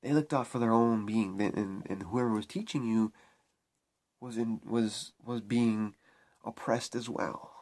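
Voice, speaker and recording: A man's voice: fairly low pitch, steady tone, a little slow, darkish tone. Man preaching a spiritual vlog monologue. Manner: preachy, repetitive, emphatic restarts. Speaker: spiritual vlogger.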